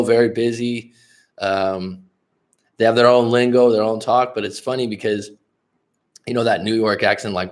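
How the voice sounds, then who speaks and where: A man's voice: lowish voice, fairly even intonation, normal speed. A man hosting a casual livestream as a life coach, rambling and swearing freely while talking to viewers in the chat. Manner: rambling, profane, addresses chat viewers directly.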